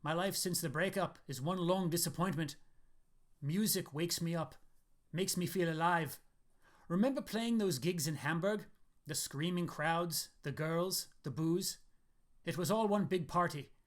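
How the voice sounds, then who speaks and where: A man's voice: fairly high pitch, a little slow, close to an everyday voice. A man voicing a restless, persuasive middle-aged ex-rock musician in a story reading. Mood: wistful. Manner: urgent, persuasive.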